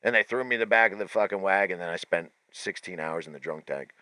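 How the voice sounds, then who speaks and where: A man hosting a podcast, telling profane stories in a casual, animated way and acting out the voices of the people in them. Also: sits low, fast, no room sound. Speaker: podcast host. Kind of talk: casual storytelling.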